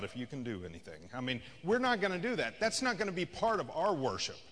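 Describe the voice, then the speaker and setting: A man's voice: mid-range voice, a bit bright, big-room sound. A man preaching a sermon as a pastor, in a conversational style that rises and falls in intensity. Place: church sanctuary.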